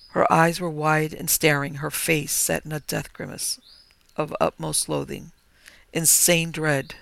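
A man reading a horror story aloud in a slow, dramatic way. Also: a little high, creaky, fairly bright tone, no room sound. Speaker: narrator.

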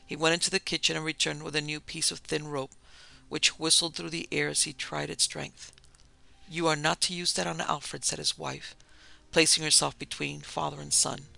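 Gravelly, bright-toned male storyteller. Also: on the high side. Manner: measured, even reading. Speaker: narrator and producer. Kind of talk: storybook narration of a memoir tale.

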